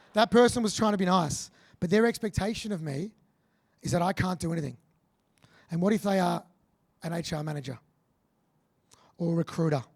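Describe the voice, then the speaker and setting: An Australian man delivers a motivational keynote with punchy, joking energy. His voice sits high for a man, with a gravelly, husky edge. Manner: energetic, punchy, jokey with the audience. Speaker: keynote speaker.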